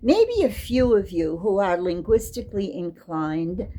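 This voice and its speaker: An older woman giving an informal, chatty lecture, quick to get excited. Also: mid-range voice, rough recording. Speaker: teacher.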